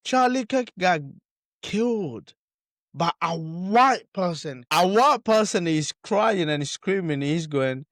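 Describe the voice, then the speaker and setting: A man delivers heated reaction commentary to video clips. He talks slowly with big swings in pitch, indignant and emphatic, circling back to the same points. The sound is dry and close. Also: animated, a bit bright, dry recording.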